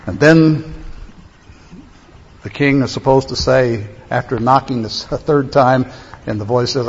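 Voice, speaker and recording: A man preaching a sermon, emphatic, stretching key phrases slowly. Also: mid-range voice, steady tone, slightly rough. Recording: echoey hall, dull lo-fi sound.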